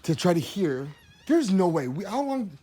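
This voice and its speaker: A paranormal investigator who asks questions and thinks out loud in a casual chat at a site. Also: medium pitch, big pitch swings, normal speed, slightly rough.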